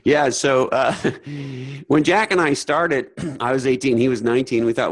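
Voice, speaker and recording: A man in his forties, a podcast host, telling his life story in a halting, rambling way and swearing casually. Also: medium pitch, no room sound, low-quality recording.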